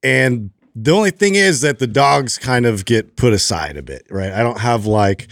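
A man's voice: medium pitch, lively intonation, normal speed, creaky, fairly bright tone, dry recording. A man co-hosting a fitness podcast, telling a story in a rambling casual way, full of filler words, on a studio mic. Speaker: podcast co-host. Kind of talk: casual chat.

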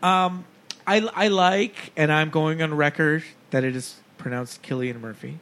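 A man's voice: on the high side, steady tone, measured pace, a bit bright. A man co-hosting a podcast in casual chat, giggly and chatty with lots of fillers. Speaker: podcast co-host.

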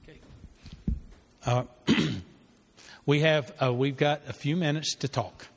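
A slightly high, creaky male voice speaks slowly as a pastor teaches a church parenting class. It's sermon-style teaching with a story, earnest and conversational, with fillers and restarts, and the room gives a long hall reverb.

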